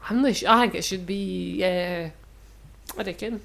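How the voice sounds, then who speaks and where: Rowdy podcast host. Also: male voice, high voice, normal speed, vocal fry, a bit bright. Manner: rowdy, laughing, swearing, breaks into humming tunes. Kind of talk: casual banter podcast.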